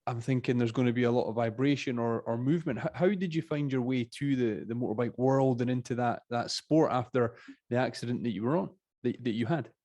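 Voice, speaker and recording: A man's voice: medium pitch, brisk, dark tone, dry recording. Hesitant male host, dry sound. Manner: apologetic, hesitant, repeats words. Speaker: podcast host. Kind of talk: interview questions.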